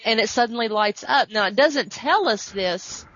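A woman's voice: a little high, lively intonation, moderate pace, fairly bright tone. A woman podcast host in casual chat, animatedly retelling a comic story and acting out quotes. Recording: muffled dry recording.

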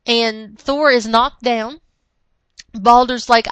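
A woman's voice: fairly high pitch, unhurried, no echo, rough recording. A woman co-hosting a podcast, animatedly retelling a comic book story in casual talk. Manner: animated retelling, slips into character voices. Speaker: podcast co-host.

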